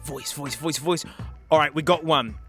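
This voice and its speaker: A man hosting a casual tech video, talking excitably and joking as he goes through old gadgets. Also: a little high, normal speed, faint music behind. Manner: excitable, jokey, many exclamations and laughs. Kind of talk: casual unboxing commentary.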